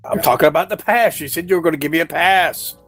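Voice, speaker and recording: A man's voice: on the high side, quick pace, fairly bright tone, faint music behind, voice pushed up. A man voicing a dim, boastful male sorcerer who takes everything literally. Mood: rambling. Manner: clueless and literal-minded.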